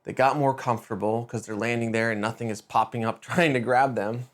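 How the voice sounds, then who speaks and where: Here a mid-pitched, middle-aged podcast host delivers a casual storytelling monologue in a relaxed way. He stresses the key beats, restarting quickly and speaking with lively, conversational emphasis.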